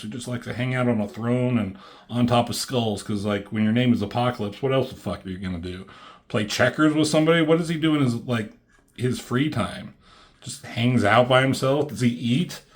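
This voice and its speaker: A man casually reviewing a comic book, rambling and swearing freely, with lots of ums and likes. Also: mid-range voice. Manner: rambling and profane, many fillers like "um" and "like".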